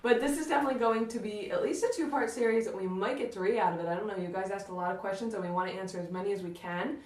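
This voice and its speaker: A woman's voice: mid-range voice, very fast, a little mellow, recorded from a distance. A bubbly young woman co-hosting a family vlog in casual chat, with a lot of "like" fillers. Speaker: vlog co-host. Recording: roomy sound from off-mic.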